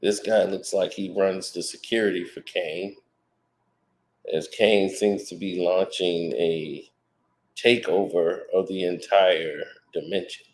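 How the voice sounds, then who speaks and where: A man with a very low, deep voice talks through a movie trailer in loose, conversational commentary. He speculates as he goes and leans on fillers and restarts. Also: steady tone, slow. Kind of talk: casual commentary.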